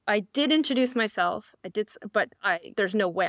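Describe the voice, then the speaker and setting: A woman's voice: medium pitch, moderate pace, no room sound, clean studio sound. A woman from Canada, guest co-host on a podcast, telling a story in casual chat and acting out the lines she quotes. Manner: animated storyteller, acts out loud quoted exclamations.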